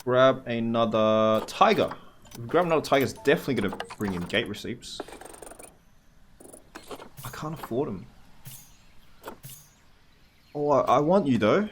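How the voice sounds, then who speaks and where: A man's voice: mid-range voice, very animated, moderate pace, long pauses, slight background noise. A man from Massachusetts giving casual, rambling let's-play commentary and chatting to the animals on screen. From Massachusetts, USA. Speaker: gameplay commentator. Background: faint game soundtrack music.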